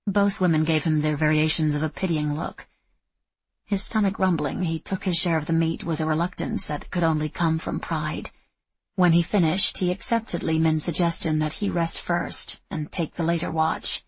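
A woman narrating a novel in a steady, even reading style. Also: sits low, moderate pace, slightly rough, no room sound. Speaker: audiobook narrator. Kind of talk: scripted narration.

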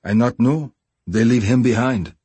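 A man's voice: mid-range voice, moderate pace, dark tone, breathy edge, no echo, voice pushed up. A man voicing a terse male fellow hostage, a seafarer who speaks clipped, broken English with a French accent. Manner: clipped, blunt short phrases.

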